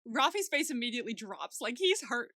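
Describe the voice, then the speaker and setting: A woman with a high, bright, forceful voice, chatting casually as a podcast co-host. She reacts bluntly and swears freely. The sound is dry and close. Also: sing-song, brisk, dry recording. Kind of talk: casual recap chat.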